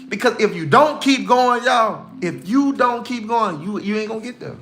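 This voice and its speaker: A man's voice: sits high, lively intonation, brisk, hardly any pauses, fairly bright tone, soft background music. A man giving casual, emphatic spiritual encouragement on a livestream, folksy and repeating himself for emphasis.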